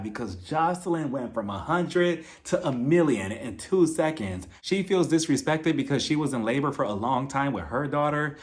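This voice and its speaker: Chatty, opinionated male reality TV reviewer. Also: on the high side. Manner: chatty, expressive, opinionated, lots of fillers like "like" and "you know". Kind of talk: casual recap commentary.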